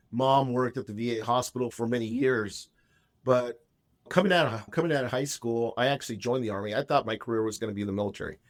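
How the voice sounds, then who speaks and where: A man in his fifties speaking as a podcast guest at an everyday middle pitch, chatty and rambling as he tells a story, doubling back on his words. The sound is close and dry, with no room around it. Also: no echo. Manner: chatty, rambling, frequent restarts. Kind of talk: casual storytelling.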